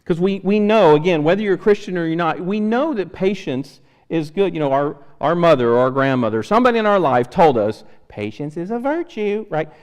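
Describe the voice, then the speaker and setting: Conversational preacher in a reverberant church. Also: male voice, on the high side, a little fast, hardly any pauses, lo-fi sound. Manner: conversational, animated, acts out little voices. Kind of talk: sermon. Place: church sanctuary. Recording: church hall with long reverb.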